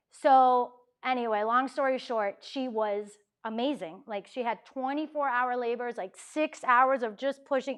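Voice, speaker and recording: Young woman, conversational ministry speaker, slightly high voice, animated quoting. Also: moderate pace, few pauses. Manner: chatty, acts out quotes, frequent "right?". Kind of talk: lively faith talk to students.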